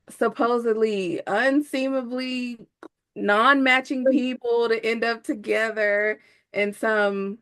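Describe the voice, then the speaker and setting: A woman co-hosting a casual book club chat, expressive and playful with quick quips. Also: fairly high pitch.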